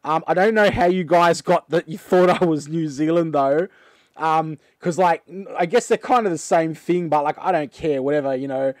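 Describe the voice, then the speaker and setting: A man's voice: on the high side, normal speed, dry recording. Rambling Australian man, dry close mic. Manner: rambling, filler-heavy and excitable. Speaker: channel host. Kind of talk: casual chat reacting to a game trailer.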